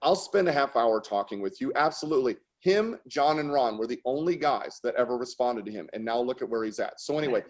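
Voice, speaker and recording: A man telling a story with mounting excitement, his voice jumping up into shouts and laughs. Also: medium pitch. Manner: animated, fast-building, breaks into shouts and laughter. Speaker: artist guest. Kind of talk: excited storytelling on a video call.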